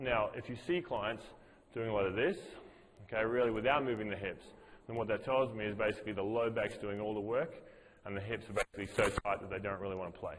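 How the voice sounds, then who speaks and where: A low-pitched man leads a gym class, counting reps and talking through each movement as he demonstrates it. His voice carries a long reverb, as if he is recorded in a big hall. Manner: coaching, counts reps aloud, demonstrates as he talks. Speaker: fitness instructor.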